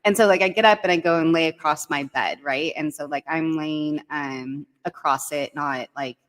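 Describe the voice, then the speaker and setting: A woman telling a dating story on a podcast, chatty and animated, saying "like" and "right?" a lot. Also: low-pitched, moderate pace, long reverb tail. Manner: animated, heavy use of "like" and "right?". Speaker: guest storyteller.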